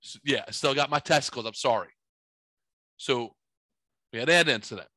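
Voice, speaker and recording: At normal speed and in a mid-range voice, a man in his forties tells a long story during casual chat, rambling, cursing freely, and staying animated throughout. The low-quality recording has no room sound.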